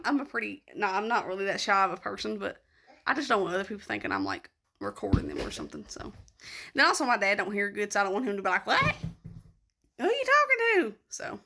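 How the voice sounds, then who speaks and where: A woman's voice: medium pitch, vocal fry, pushed and bright. A tired young woman, chatting casually and rambling to her vlog audience. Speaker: vlogger.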